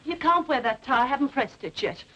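A woman's voice: high voice, expressive, brisk. An actress playing a clinging, reproachful widowed mother in a 1960s TV drama. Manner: reproachful, wheedling. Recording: dull 1960s TV audio with faint hiss.

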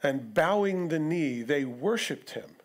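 A man's voice: a little high, lively intonation, a little slow. A male pastor preaching an expository sermon, conversational, with rhetorical questions and asides to the congregation. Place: church sanctuary.

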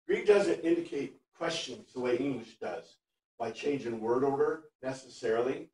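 A man teaching a Bible class, chatty and animated, reading Greek phrases word by word for his students. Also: mid-range voice, moderate pace. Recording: echoey room, far from mic.

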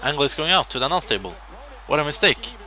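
A man casually commentating his own wrestling video game, excitable, jumping between loud shouts and quiet muttering. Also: on the high side, fast talker, noisy background.

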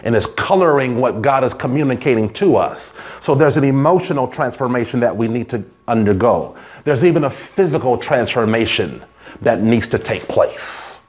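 A man's voice: mid-range voice, expressive, normal speed, a little mellow. A man preaching a sermon as pastor, in a conversational way, telling stories and adding asides.

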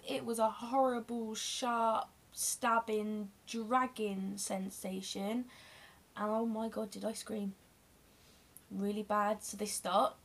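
A young woman candidly telling a long personal story in a rambling, emotional way. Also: on the high side. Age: young adult. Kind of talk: casual storytelling vlog.

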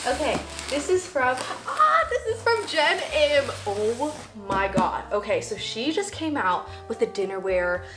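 Casting: bubbly, chatty woman YouTuber in her twenties, high, lively voice, echoey room with faint music. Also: a little slow, hardly any pauses. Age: 20s. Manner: bubbly, chatty, giggly, emotional asides. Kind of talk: casual unboxing vlog.

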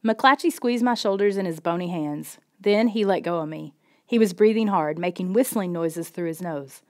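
A woman reading a children's storybook in the first person, steady and expressive. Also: on the low side, moderate pace. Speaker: audiobook reader.

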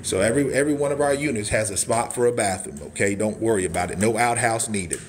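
A man in his forties giving a casual walkthrough of a prefab cabin, folksy and hyped up, shouting catchphrases and whooping between points. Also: on the low side, quick pace, slight background noise. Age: 40s. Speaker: cabin seller and social media host.

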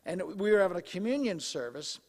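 A male pastor preaching a sermon in a conversational, animated way, his voice slightly hoarse. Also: high voice, quick pace, in a large hall. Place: church sanctuary.

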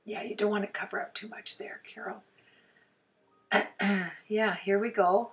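A woman with a hoarse, sore throat chatting through a crafting tutorial voice-over, often clearing her throat and apologizing. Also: mid-range voice, steady tone, measured pace, far from the mic. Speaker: card-making crafter.

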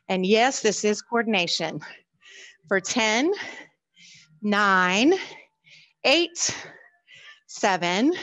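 A woman's voice: medium pitch, fairly bright tone, rough recording. A woman, leading a seniors' exercise class over a video call, upbeat and counting reps aloud. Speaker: fitness instructor.

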